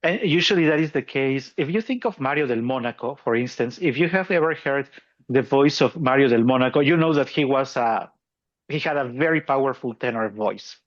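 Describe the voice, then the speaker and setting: A man's voice: medium pitch, lively intonation, fairly quick. Self-mocking man with a lo-fi sound. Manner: laughs often, self-deprecating. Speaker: podcast co-host. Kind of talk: casual explanatory chat.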